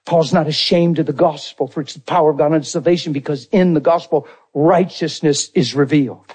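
A man preaching a sermon in a dramatic way, jumping from loud exclamations to hushed low lines. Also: fairly quick, husky.

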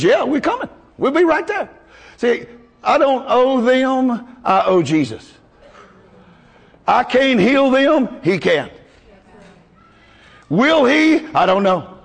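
A man's voice: sits high, gravelly, long reverb tail. A male pastor preaching a folksy, emotional sermon to his congregation.

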